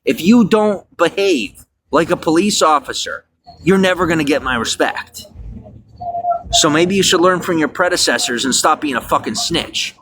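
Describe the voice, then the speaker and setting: A man's voice: fairly high pitch, animated, moderate pace, noisy background. An angry man in a profane, repetitive rant, talking outdoors at night beside a bus bench. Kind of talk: angry monologue.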